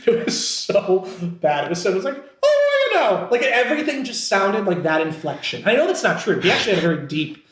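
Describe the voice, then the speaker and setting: A man's high-pitched, fairly bright voice moves fairly quickly with lively intonation as he tells a story on a podcast. He's an actor from Scranton, Pennsylvania, USA, chatty and self-deprecating with frequent fillers and restarts. The recording is roomy and echoey with a little hiss or hum.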